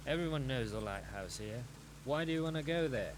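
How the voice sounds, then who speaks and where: A man's voice: medium pitch, animated, fairly quick, a little hiss or hum, close to an everyday voice. An actor voicing a friendly, helpful local man in video game dialogue. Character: friendly local man called Jiffy Bro.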